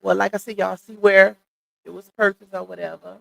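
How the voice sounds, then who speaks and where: A woman's voice: medium pitch, flat delivery, fairly quick, vocal fry, fairly bright tone, no echo, poor audio. A woman hosting a late-night livestream, chatting casually and addressing viewers directly as she gossips. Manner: chatty, talks straight to viewers with "y'all" and "child". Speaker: livestream host.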